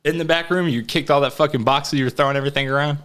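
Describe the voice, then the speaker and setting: A man's voice: a little high, steady tone, rapid-fire, a bit bright, clear, resonant tone. A young man co-hosting a podcast, rambling through swear-filled work stories in casual chat. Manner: rambling, swearing, storytelling with laughs. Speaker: podcast co-host.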